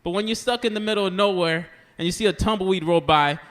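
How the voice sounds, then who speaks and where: A man's voice: sits high, fast, a bit bright. A male stand-up comedian from Haiti, telling a rambling, self-deprecating story. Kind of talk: stand-up set. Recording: long reverb and noisy hall.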